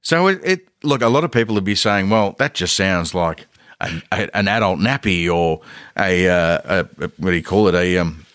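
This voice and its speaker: A man with an Australian accent, co-hosting a podcast and telling stories in a loose, rambling way, with lively impressions of the people he quotes. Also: deep voice, moderate pace, no room sound. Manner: rambling, animated quoting of others. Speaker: podcast co-host. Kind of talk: casual comedic storytelling.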